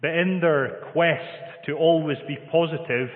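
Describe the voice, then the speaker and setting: A Scottish man preaching a sermon and reading scripture in a measured, gently humorous way. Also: fairly high pitch, fairly even intonation. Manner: measured, gentle humour, reads scripture aloud. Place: church hall. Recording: phone-like sound in a long-reverb hall.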